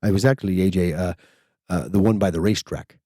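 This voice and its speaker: A man's voice: low voice, steady tone, fast, dark tone, no echo, clean studio sound. An older man hosting a podcast, telling a rambling story with lots of stammered restarts. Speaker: podcast host. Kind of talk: casual storytelling chat.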